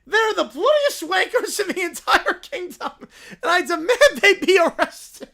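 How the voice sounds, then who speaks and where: A man voicing a bratty, demanding little girl who hosts a radio show and throws shouting tantrums. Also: extremely high pitch, animated, normal speed, voice pushed up, heavily acted. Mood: shrieking. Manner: screeching, whining, tantrum insults. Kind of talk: comedic sketch reading on a livestream.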